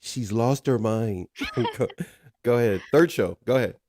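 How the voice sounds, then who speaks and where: A man hosting a relaxed podcast chat, full of teasing jokes and quick asides. He keeps nudging his guest to carry on. The sound is close and dry, with no room around it. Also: medium pitch, no room sound. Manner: joking, teasing, keeps handing over with "go ahead". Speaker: podcast host.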